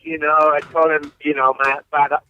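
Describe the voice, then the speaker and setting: A man's voice: on the high side, level tone, a little fast, bright, forceful tone, a little hiss or hum. A man from Ohio, a guest comedian, telling a story in a rambling, casual way with many fillers. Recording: tinny phone-like line.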